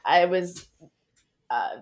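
Woman in her 30s chatting on a podcast, animated storyteller, swears a lot. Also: fairly low pitch, drawn-out words. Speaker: podcast co-host. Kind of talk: casual chat.

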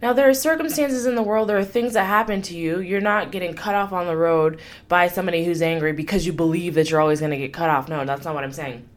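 Her lowish voice moves fast with hardly any pauses as she hosts her own life-coaching podcast. The woman gives an upbeat, encouraging motivational monologue, chatty and warm, laughing frequently.

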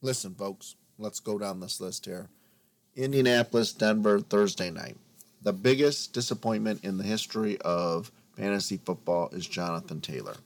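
Lower-voiced guy ranting on a sports podcast, talks to the folks, dramatic. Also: normal speed, dry recording. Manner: ranting, theatrical, addresses listeners as folks. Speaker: podcast co-host. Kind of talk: casual sports talk.

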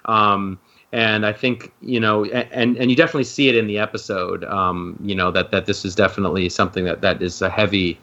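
A man with a fairly low voice chats as a podcast guest. He rambles, stacks fillers and restarts his sentences. The audio is dull and lo-fi. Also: flat delivery, fairly quick, bright, forceful tone. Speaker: guest, docuseries co-creator. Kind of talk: casual podcast conversation.

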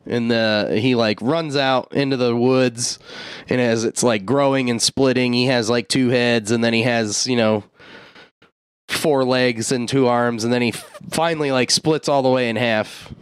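A male podcast co-host retells a film's plot in a loose, profane, joking style, jumping into quoted lines along the way. His medium-pitched voice is steady, clear and resonant at a measured pace, recorded cleanly in a studio with no echo.

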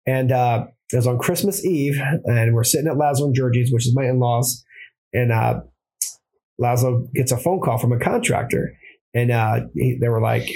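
A husky-voiced man tells his story at a rapid clip, circling back and correcting himself as he goes. He is a plumber and former Marine chatting casually in an interview. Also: medium pitch, dark tone, rough recording. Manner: rambling, with restarts and self-corrections.

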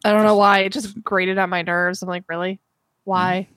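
A woman's voice: medium pitch, level tone, brisk, fairly bright tone, smooth, no echo, studio quality. A woman on a film podcast, making quips and sharing behind-the-scenes trivia. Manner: quippy, shares trivia. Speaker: podcast co-host. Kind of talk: casual film chat.

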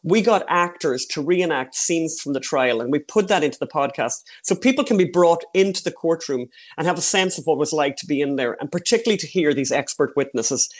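Animated man promoting his podcast. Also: on the high side, a little fast, few pauses. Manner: animated, repeats phrases, many fillers. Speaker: podcast producer, guest. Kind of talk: casual interview chat.

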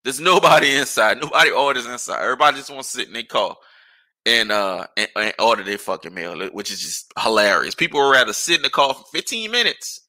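A man's voice: mid-range voice, lively intonation, a little fast, sharp tone. A man hosting a podcast, ranting casually and with exasperation, firing off rhetorical questions and curses. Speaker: podcast host.

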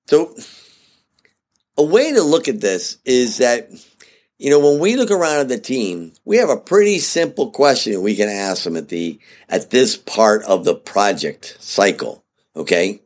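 Animated man teaching in a conversational way. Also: mid-range voice, unhurried. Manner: animated and conversational, often checking in with "okay?". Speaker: project leadership teacher. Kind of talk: casual spoken lesson.

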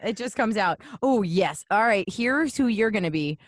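A woman co-hosting a podcast in casual chat, playful and quick to laugh. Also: mid-range voice, animated, no room sound, studio quality. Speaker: podcast co-host.

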